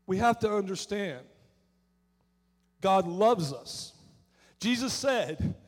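A male pastor preaching a sermon in earnest, slowing down on key words for emphasis. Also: sits high, lively intonation. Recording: church hall with long reverb.

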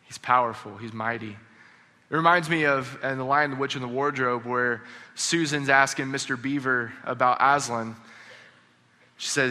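A man preaching a sermon, telling a story earnestly and dropping to a hush on key lines. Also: mid-range voice, fairly even intonation, normal speed. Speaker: pastor. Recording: long reverb of a large hall.

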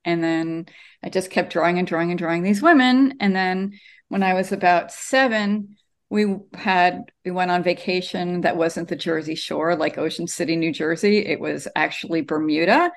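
Speaking at normal speed in a lowish voice, a female cartoonist recounts her story as an interview guest via video call from her home studio. She tells it with animation and plenty of ums.

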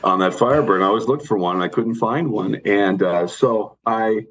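A middle-aged or older man tells a rambling anecdote in a low voice, stopping often for fillers and restarts. A faint hiss sits under the recording. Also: normal speed, fairly bright tone, low-quality recording. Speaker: guitarist guest. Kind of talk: casual anecdotal storytelling.

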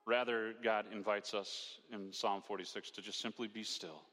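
A man's voice: lowish voice, steady tone, normal speed, fairly bright tone. A male pastor preaching a sermon in a conversational way, asking rhetorical questions and acting out quotes. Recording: long hall reverb.

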